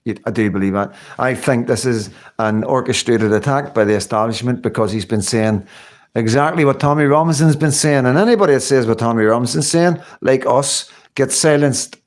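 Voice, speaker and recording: A man's voice: medium pitch, fairly quick. Rambling, chatty man. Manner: rambling, chatty, many fillers and tag questions. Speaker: livestream host. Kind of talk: casual livestream chat reading comments.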